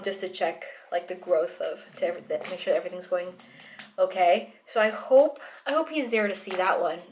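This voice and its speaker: A woman's voice: mid-range voice, a little hiss or hum. Pregnant young woman rambling in a video diary. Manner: rambling, with restarts and laughter. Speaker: vlogger.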